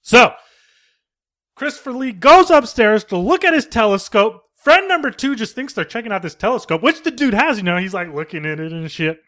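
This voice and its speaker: Lively, high-voiced man swearing through a story. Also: brisk. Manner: rambling, profane, animated storytelling. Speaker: podcast host. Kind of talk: casual podcast chat, retelling a film. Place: at home.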